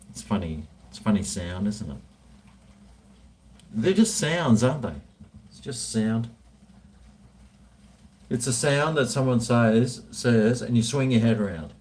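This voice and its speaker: Slow, rambling man. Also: fairly low pitch, lively intonation, a little mellow. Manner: rambling, swears freely. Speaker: vlogger. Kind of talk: casual chat while drinking.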